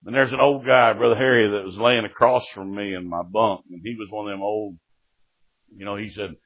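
A man preaching a testimony sermon, telling his story in a folksy way with sudden jumps in loudness. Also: on the low side, steady tone, a little fast. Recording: dull lo-fi recording.

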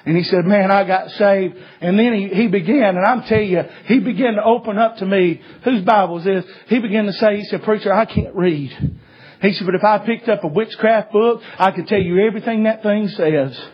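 A man preaching a sermon, telling a story in a folksy way and swinging from hushed tones to shouts. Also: high voice, brisk, husky. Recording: dull lo-fi recording.

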